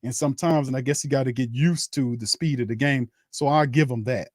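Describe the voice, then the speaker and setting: A man's voice: fairly quick, a little mellow, no room sound, clean studio sound. A man hosting a casual watch-party, giving loose play-by-play commentary, exasperated and often laughing in disbelief. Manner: exasperated, laughing, rising to high-pitched disbelief. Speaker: host giving live game commentary.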